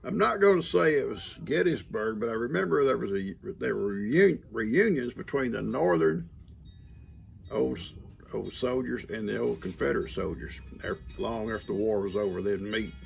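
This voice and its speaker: Speaking at normal speed with vocal fry, this older man has a medium-pitched, expressive voice. He casually reads viewer mail outdoors on his farm, folksy and rambling as a grandfather vlogger, and breaks off mid-sentence to talk to his grandkids.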